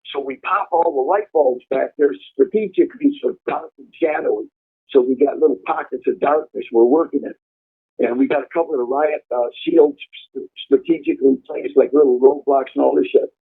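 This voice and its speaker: Gravelly man on a tinny phone line. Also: mid-range voice, animated, brisk. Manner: vivid, blunt, heavy swearing. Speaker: storyteller recounting prison life. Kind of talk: casual profane storytelling.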